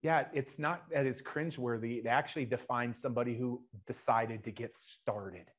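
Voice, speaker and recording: A man hosting a live interview show, energetic, often restarting and speaking to the chat audience. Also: medium pitch, moderate pace. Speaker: show host.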